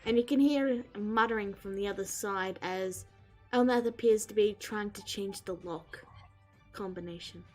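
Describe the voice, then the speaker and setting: A woman narrating a tabletop game as game master, lively and expressive. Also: mid-range voice, moderate pace, soft background music, poor audio.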